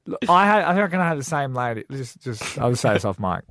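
Wry radio co-host. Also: male voice, mid-range voice, sing-song, a bit bright, no echo. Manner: wry, teasing, quick comebacks. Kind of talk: breakfast radio banter. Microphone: studio microphone.

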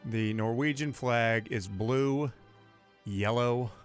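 A man's voice: medium pitch, slow pace, smooth, soft background music. A man on a radio show answering quiz questions and stubbornly arguing jokey claims in the studio. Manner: stubborn, joking contestant.

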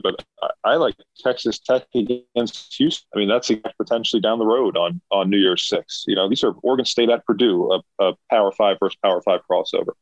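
Low-voiced emphatic male podcast co-host. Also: dry recording. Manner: emphatic, opinionated. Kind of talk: casual podcast chat. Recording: dull lo-fi dry sound.

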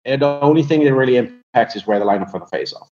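A man's voice: mid-range voice, lively intonation, fast talker, darkish tone, muffled recording. A man talking casually as a guest, hesitant and full of fillers as he tells stories and breaks down players. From Europe. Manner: hesitant, many fillers and restarts. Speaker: guest, hockey prospects analyst. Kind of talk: casual conversational storytelling and analysis.

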